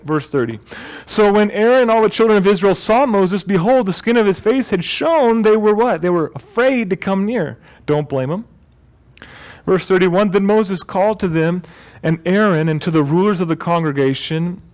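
A male pastor delivering a sermon in church, his voice sitting somewhat high for a man. He keeps it conversational and light, dropping jokes and fixing his own slips as he goes. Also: a little mellow. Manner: conversational and joking, with self-corrections.

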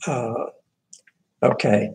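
A pastor talks his congregation through prayer requests in a homey, halting manner, full of fillers and restarts. His voice has a gravelly edge. He takes his time. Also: medium pitch, fairly even intonation, poor audio. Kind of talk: informal church prayer-request talk.

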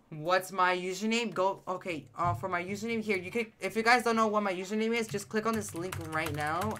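A male game streamer with a high-pitched voice that sometimes cracks, chatting excitedly and answering his live chat while he plays. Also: slight background noise. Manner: excitable, chatty, reacts to chat, repeats phrases.

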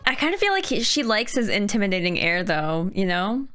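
A young woman chats casually as she reacts to an anime. Her voice swings up and down with lively, expressive pitch, and she laughs often between remarks. Faint music plays behind her. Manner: quick, chatty intro, then giggly reactions.

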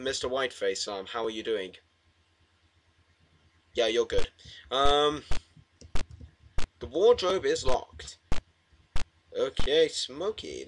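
A man's voice: mid-range voice, a little hiss or hum, rough recording. A man playing a horror game and commenting, jumpy and swearing, talking back to the game at a desk mic. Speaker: gamer.

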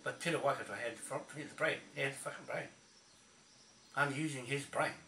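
A man from New Zealand rants bluntly, swearing and repeating himself as he talks. His voice is bright and sharp. He sits back from the mic in a roomy, echoey space with faint ambient noise. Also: mid-range voice, brisk, far from the mic. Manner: blunt, profane, repetitive ranting. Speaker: video blogger. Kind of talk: angry ranting monologue.

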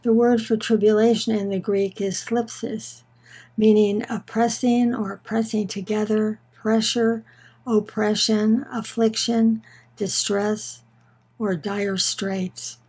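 A woman giving a scripted Bible lesson in a measured, earnest way, slowing down on key words for emphasis. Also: mid-range voice, flat delivery, mellow, slightly rough, rough recording. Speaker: Bible teacher. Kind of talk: scripted teaching narration.

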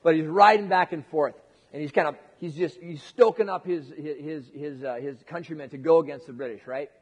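Casual preacher guy, high voice, jokey and chatty, lots of long hall echo. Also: a little fast, husky. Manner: joking, conversational, with repeated restarts. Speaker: pastor. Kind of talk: casual sermon.

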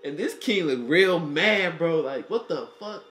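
A man giving casual, profane reaction commentary while he watches an anime, excitable and thinking out loud. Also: a little high, a little slow, reverberant, faint music behind.

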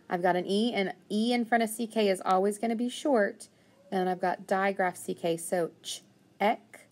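A woman teaching a phonics lesson, thinking aloud and patiently sounding out words, with steady praise. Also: medium pitch.

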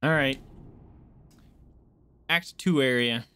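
A man streaming a game live, chatting casually with viewers and reacting out loud. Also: medium pitch, takes it slowly, smooth. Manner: chatty, greets chat, squeals when startled.

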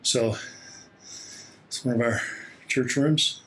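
A man's voice: medium pitch, takes it slowly, a bit bright. A pastor recording a casual walking tour of his small church on a laptop, chatty and slightly out of breath, laughing often. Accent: Hawaii. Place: small church building indoors. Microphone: laptop held while walking.

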